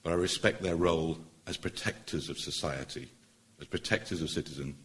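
A middle-aged man, a barrister, giving an earnest, persuasive public speech at a meeting, pausing for emphasis. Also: a bass voice, fairly bright tone.

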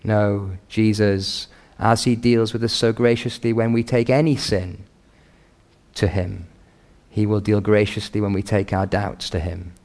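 A man preaching a sermon in an earnest, measured and emphatic pastoral way. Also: lowish voice, flat delivery, darkish tone.

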